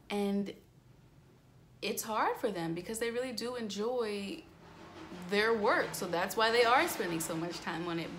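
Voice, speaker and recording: Young female vlogger, mid-range voice, chatty and candid, lots of fillers, light background noise. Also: medium pitch. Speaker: astrology vlogger. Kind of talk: casual storytelling vlog.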